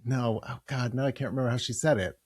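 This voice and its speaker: A man's voice: medium pitch, steady tone, fast talker, husky, no echo, studio quality. A man hosting an interview podcast, asking questions in an easygoing way and laughing readily. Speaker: podcast host. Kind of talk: conversational interview.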